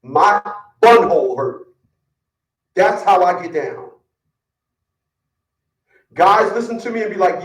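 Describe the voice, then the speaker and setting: A man's voice: sits high, a little slow, pauses often, reverberant, far from the mic, low-quality recording. A man giving blunt, boastful relationship advice in a casual, profane rant, often repeating words as he gets worked up. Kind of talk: casual ranting monologue.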